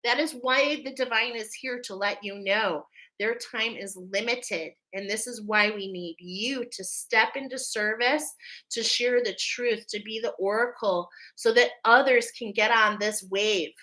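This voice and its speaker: A woman's voice: on the high side, a little slow, bright, forceful tone, poor audio. A woman leading a live oracle card reading, emotional and preacher-like, constantly checking in with her listeners. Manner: emphatic, checks in with "okay?" constantly. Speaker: spiritual card reader.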